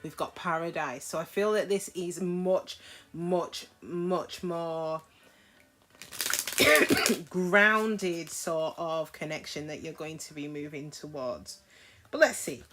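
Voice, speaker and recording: A woman's voice: low-pitched, takes it slowly, background noise. A woman giving a casual tarot reading to camera, frank and chatty, often checking in with her listeners. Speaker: tarot reader.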